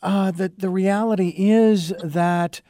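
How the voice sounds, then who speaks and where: A man hosting an interview show, talking in a reflective, halting way with frequent pauses. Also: high voice, steady tone, mellow, dry recording, studio quality. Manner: reflective, halting, with many uh fillers. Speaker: radio or podcast host. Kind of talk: casual interview talk.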